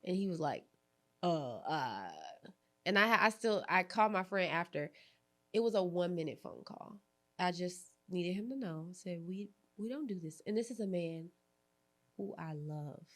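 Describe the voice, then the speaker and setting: A young adult woman hosting a candid podcast conversation, telling animated stories, acting out quoted lines and laughing often. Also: lowish voice, measured pace. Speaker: podcast host.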